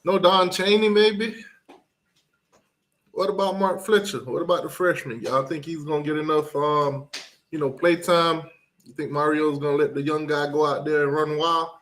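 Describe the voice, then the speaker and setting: A man hosting a casual sports talk live stream, relaxed and musing, with lots of ums as he reads out picks from the chat. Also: a little high, moderate pace.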